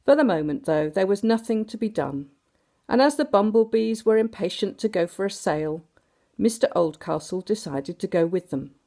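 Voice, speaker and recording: With a medium-pitched voice at normal speed, a woman brings a children's storybook to life, doing sound effects and quizzing the listeners as she reads aloud.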